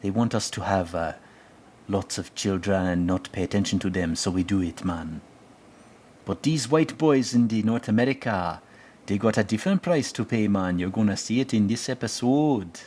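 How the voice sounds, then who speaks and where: A man's voice: on the low side, normal speed, a little mellow, close to an everyday voice. A man putting on a put-on Jamaican accent to play a laid-back stoner who preaches about spirits, drawling and ending his lines with "man". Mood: mock-solemn. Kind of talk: comedic impression in a commentary.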